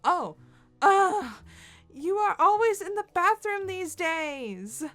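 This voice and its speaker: A woman voicing a young woman in command who sounds shrill and exasperated. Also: sing-song, slow, fairly bright tone, exaggerated voice.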